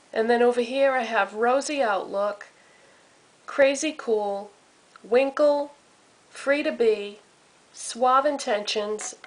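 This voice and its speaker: A woman makeup vlogger speaks to her camera in a slow, unhurried way, reading out product names one after another. Her voice sits fairly high, and the tone stays relaxed and chatty throughout. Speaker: beauty vlogger. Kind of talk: casual makeup vlog. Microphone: camera mic.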